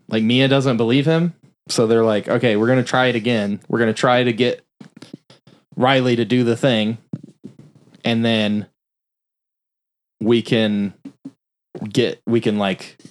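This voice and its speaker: A man casually recapping a film's plot on a podcast, swearing freely and acting out the characters' lines. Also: medium pitch. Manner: loose, profane plot recap with quick voiced-out quotes. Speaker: podcast host recapping a film. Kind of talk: casual film review chat.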